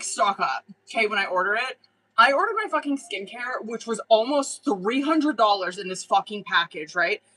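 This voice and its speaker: A woman's voice: on the high side, sharp tone, rough recording. A young adult woman doing a casual live tarot reading, blunt and chatty, swearing freely and laughing often. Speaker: tarot reader.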